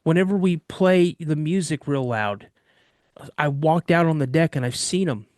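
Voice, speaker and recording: Man from Washington State, raised-register storyteller, animated and quick with voiced dialogue, dry close sound. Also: on the high side, dry recording. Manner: animated, acts out quoted dialogue in quick bursts. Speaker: eyewitness recounting a personal encounter. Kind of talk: casual first-person storytelling.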